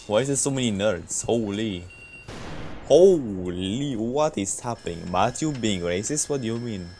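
A man's voice: fairly low pitch, lively intonation, normal speed, darkish tone, slight background noise. A man streaming a multiplayer game, chatting casually with players and laughing often. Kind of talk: casual gaming livestream chat.

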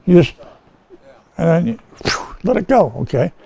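A man's voice: high voice, very animated, normal speed, vocal fry, dark tone, slightly rough, no room sound, poor audio. A male pastor teaching from the Bible in a folksy, conversational way, often checking in with his listeners. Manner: folksy and conversational, asks "okay?" often, many restarts. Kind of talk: informal Bible-teaching sermon. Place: rescue mission chapel.

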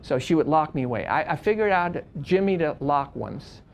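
A wedding photographer teaching a seminar, telling stories in an animated, conversational way with frequent restarts and big swings from quiet to loud. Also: male voice, fairly high pitch, moderate pace, slight background noise. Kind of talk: lively storytelling lecture.

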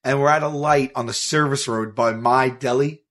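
A podcast host tells a story in a casual, animated manner, acting out the people he quotes and laughing mid-story. His voice is medium-pitched and his pace moderate.

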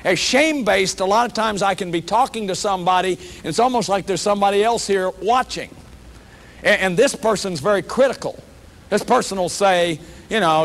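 This lecturer's voice is high and a bit bright, moving at a moderate pace. Speaking publicly about shame and recovery, he stays earnest and conversational, repeats himself often, and keeps saying "you see" to listeners.

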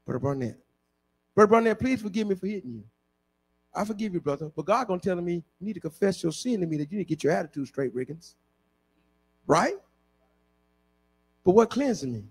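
A man's voice: high-pitched, very animated, fairly quick, long pauses, a little mellow, husky. A male pastor preaching a sermon, breaking into a chanting, half-sung climax with repeated refrains.

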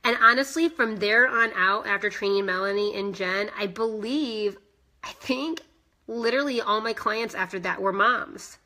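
Bright-voiced chatty woman vlogger. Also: mid-range voice, moderate pace. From United States. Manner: chatty, emotional, addresses live viewers by name. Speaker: fitness instructor vlogger. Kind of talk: live-streamed personal vlog.

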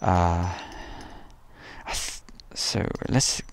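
Low gravelly man chatting live. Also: fairly even intonation. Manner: chatty, jokey, halting with many ums. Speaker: live-stream host. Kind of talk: casual live-stream chat reading viewer comments. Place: outdoors by an airfield.

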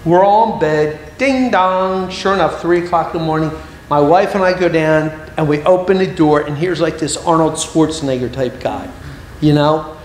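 A middle-aged man, an evangelist, telling a story in a sermon with lively humorous asides, recorded in a church hall. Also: a little high, normal speed, slight background noise. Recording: very echoey hall, faint ambience.

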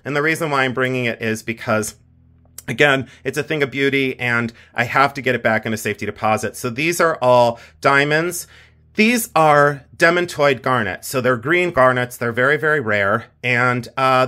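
A man's voice: a little high, a bit bright. A man hosting a casual show-and-tell vlog about his jewelry finds, chatty and self-deprecating, laughing often as he talks. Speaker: jewelry collector vlogger.

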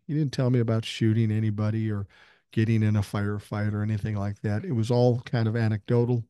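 Older male podcast host, mellow dry voice, blunt and profane. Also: fairly low pitch, no echo. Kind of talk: casual solo podcast talk.

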